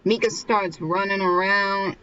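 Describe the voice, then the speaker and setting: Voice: mid-range voice, fairly even intonation, measured pace, pushed and bright, clear, resonant tone. A vlogger casually retelling a comic chapter, rambling loosely with lots of filler and restarts. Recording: muffled with faint hiss.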